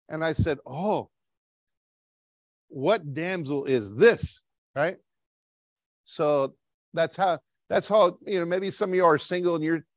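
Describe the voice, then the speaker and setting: A male pastor preaching a sermon in a casual, chatty way, tossing in "right?" after his points and slipping into little voices for quoted speech. His voice sits a touch high for a man, and the sound is close and dry with little room echo. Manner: conversational, frequent "right?" tag questions, acts out quotes. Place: church.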